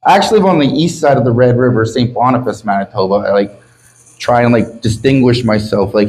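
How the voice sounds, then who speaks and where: Onstage at a comedy club before a live audience, a Canadian man does a crude, self-mocking stand-up set, swearing often as he jokes about his city and being sober. His voice is medium-pitched, fairly quick, and darkish, on a low-quality recording.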